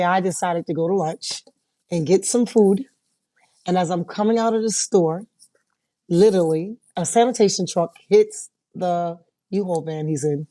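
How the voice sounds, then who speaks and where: A woman paralegal in a casual interview, telling stories in an animated way and laughing often. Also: lowish voice, dry recording.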